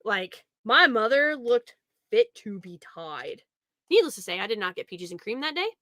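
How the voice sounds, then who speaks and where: A woman's voice: on the high side, big pitch swings, a little fast, bright, forceful tone, no room sound, studio quality. A young woman telling a family story in a casual, rambling way, often laughing as she talks. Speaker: podcast host.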